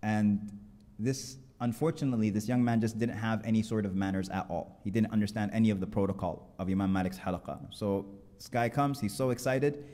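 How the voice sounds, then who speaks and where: A man's voice: fairly low pitch, fairly even intonation, brisk, warm tone. A man preaching a Friday sermon, telling stories with quoted dialogue in an earnest way. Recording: long hall reverb.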